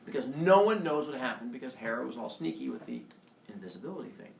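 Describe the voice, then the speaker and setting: A man, a teacher, telling a myth to a class in a playful, lively way with sound effects. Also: mid-range voice, quick pace, gravelly, slight background noise. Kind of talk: animated storytelling to a class. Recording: echoey room, mic far off.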